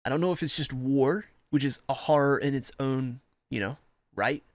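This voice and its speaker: A man's voice: mid-range voice, moderate pace, no echo. A man streaming a war game, chatting casually with rambling, self-mocking asides and reading the game's text aloud. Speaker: gameplay streamer.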